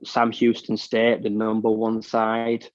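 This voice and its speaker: A man's voice: fairly low pitch, monotone, slow, dry recording. A British man co-hosting a podcast, giving blunt, opinionated takes in casual chat that rambles with restarts. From United Kingdom. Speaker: podcast co-host. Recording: dull, dry lo-fi mic sound.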